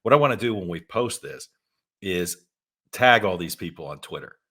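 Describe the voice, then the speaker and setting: A man with a very deep voice holds forth on a casual podcast. He talks bluntly and rambles, restarting sentences and laughing as he goes. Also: expressive, moderate pace, fairly bright tone, slightly rough. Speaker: podcast co-host.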